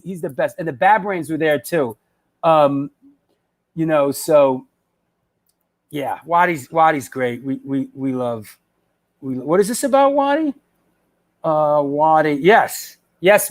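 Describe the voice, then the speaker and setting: Chatty high-voiced New man. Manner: rambling, chatty, restarts sentences, excitable. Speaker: host of a live web show. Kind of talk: casual live-stream chat, reading viewer comments.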